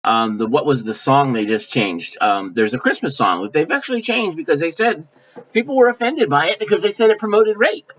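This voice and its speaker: A male pastor preaching a sermon in a folksy, conversational way, now and then mimicking offended people in quick asides. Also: a little high, expressive, a bit bright. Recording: dull lo-fi sound.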